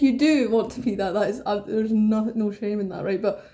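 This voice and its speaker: A woman talks through a tarot spread to camera in a loose, rambling way, swearing freely and bubbling over with excitement. Her voice has a mellow, darker tone at a middle pitch. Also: moderate pace. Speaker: tarot reader. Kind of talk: casual tarot reading to camera.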